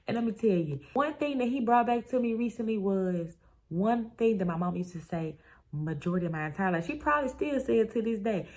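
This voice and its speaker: A woman's voice: mid-range voice, expressive, fairly quick. Emphatic, playful woman podcast host. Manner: emphatic, playful and conversational with slang. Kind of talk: motivational podcast monologue.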